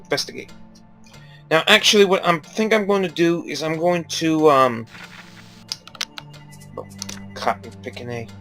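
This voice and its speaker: A man's voice: on the high side, unhurried, pauses often, fairly bright tone, soft background music. Rambling young man commentating a game. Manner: rambling, joking, swears freely. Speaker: gaming YouTuber.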